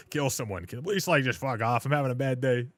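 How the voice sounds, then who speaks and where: A male streamer talks loosely to his chat while he plays, at a medium pitch. His delivery is rambling and crude, and he restarts his sentences and leans on filler words as he jokes around. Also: unhurried, a bit bright. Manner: rambling, profane, joking with chat. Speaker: gaming livestreamer. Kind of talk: casual livestream chat while gaming.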